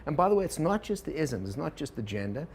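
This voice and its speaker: A man teaching a workshop to a live group, relaxed and digressive, often turning to the audience with questions. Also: fairly high pitch, fast talker, slight background noise. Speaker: organizational consultant teaching a workshop.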